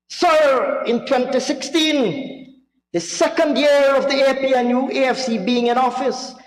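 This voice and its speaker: Mocking man in an echoing chamber. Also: very high voice. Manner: mocking, theatrical, repeats for emphasis. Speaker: member of parliament. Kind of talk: parliamentary budget debate speech. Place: large parliament chamber. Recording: echoey chamber with long reverb.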